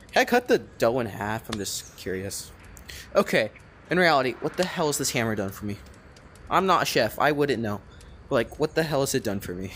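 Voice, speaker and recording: Man, let's-play commentary, excitable, rambling, swears a lot, very lively pitch, faint room ambience. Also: a little hiss or hum. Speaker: gamer playing a cooking game.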